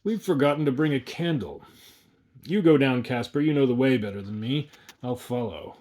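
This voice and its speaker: A man's voice: medium pitch, normal speed, darkish tone, close to an everyday voice. A man voicing a bossy, blustering middle-aged village mayor with a coarse voice. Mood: grumbling. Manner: blustering, commanding.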